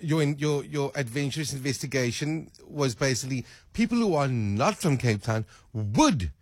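A man's voice: mid-range voice, expressive, moderate pace, no room sound, clean studio sound. A man hosting a casual radio chat, playful and full of stammered restarts. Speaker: radio host.

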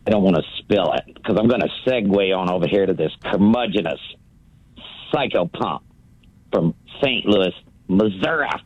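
A man's voice: low-pitched, expressive, normal speed, breathy edge, no echo. A man calling in to a sports radio show and ranting theatrically, mocking a rival caller and repeating "young man". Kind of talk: fired-up sports radio rant. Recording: muffled phone line.

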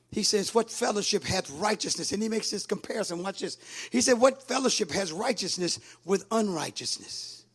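Man preaching a sermon: gravelly, high-pitched voice, swings from hushed asides to rousing shouts. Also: moderate pace. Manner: builds from quiet talk to sing-song shouting; call-and-response with congregation.

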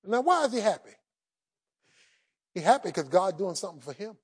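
A male preacher giving a humorous, emphatic sermon in folksy colloquial speech, shouting for emphasis. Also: high voice, sing-song, normal speed, slightly rough.

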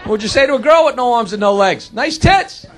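A man's voice: very high-pitched, lively intonation, quick pace. A man doing stand-up, firing off crude jokes and slipping into character voices. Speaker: stand-up comedian. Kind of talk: stand-up joke telling. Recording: live club with loud crowd and noise. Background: audience laughter.

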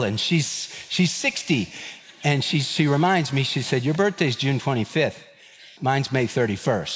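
A man, preaching a sermon and telling a personal story, acting out the dialogue with lively energy. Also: mid-range voice, big-room sound. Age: 50s. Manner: animated storyteller, acts out dialogue. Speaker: pastor.

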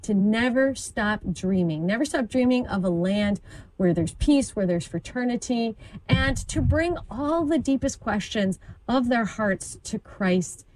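A woman's voice: a little high, expressive, measured pace, a little mellow, no room sound, rough recording. A woman commentator on a talk program, explaining events with enthusiasm and an occasional stumble. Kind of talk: informative conversational talk.

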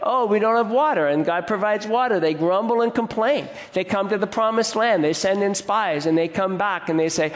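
A man's voice: sits high, moderate pace, few pauses, big-room sound. A man preaching a sermon as a pastor, conversational, with restarts and repeated words.

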